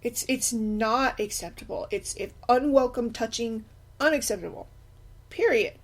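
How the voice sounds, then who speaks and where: A woman's voice: on the high side, moderate pace. Impassioned woman podcaster, indignant monologue. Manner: impassioned, indignant, many fillers and restarts. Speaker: podcast host, single mother. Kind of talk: unscripted personal podcast monologue.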